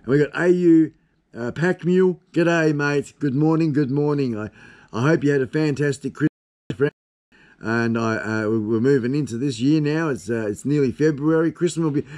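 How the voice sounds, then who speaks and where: A man's voice: a little high, moderate pace, a little mellow. A man in his fifties with an Australian accent, hosting a casual live stream from his desk at home. He rambles along in a chatty way and swears casually. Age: 50s. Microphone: camera on desk.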